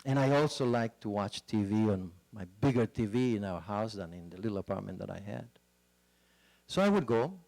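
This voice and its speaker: A man telling his side of a personal testimony in a halting way, with frequent fillers. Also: fairly low pitch, animated, vocal fry, darkish tone, dry recording. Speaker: guest speaker sharing testimony.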